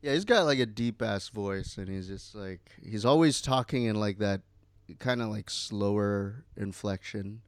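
A man's voice: fairly low pitch, unhurried, no room sound. A man co-hosting a podcast in casual chat, rambling with many fillers and some swearing. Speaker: podcast co-host.

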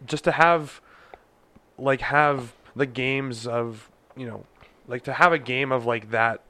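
A man's voice: mid-range voice, steady tone, slow pace, sharp tone, no echo. A young man with a mid-range voice chats on a podcast mic. He hedges and circles his points, filling gaps with "like" and "I don't know" before trailing off. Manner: hesitant, filler-heavy, trailing off. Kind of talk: casual chat.

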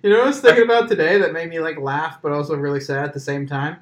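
A man hosting a loose, profane podcast chat, rambling through his stories with constant filler words. His voice sits a little higher than most men's. The room around him is echoey. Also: fairly even intonation, very fast, lo-fi sound. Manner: profane, joking, rambling with many "like"s. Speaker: podcast host.

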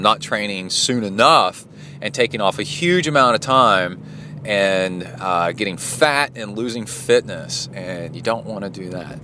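A man records a rambling training-log monologue on his phone in a locker room, chatty and full of fillers. His voice sits on the low side, with a faint hum of noise behind him. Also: fairly bright tone. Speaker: podcast host.

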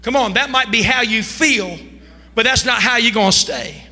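A man with a very high, piercing bright voice preaches a sermon to his congregation. His delivery swings from hushed asides into loud, drawn-out shouts that nearly turn to song. The sound carries a long reverb from the church hall. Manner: preaching with rising shouts and sung, drawn-out lines. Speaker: pastor. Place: church sanctuary.

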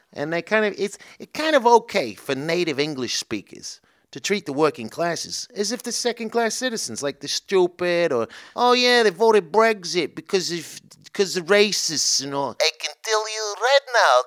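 A gruff, blunt little male dog, as a man puts him on drawls and rambles in a rough way. His pitch swings widely from low growls up to sudden highs. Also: fairly bright tone.

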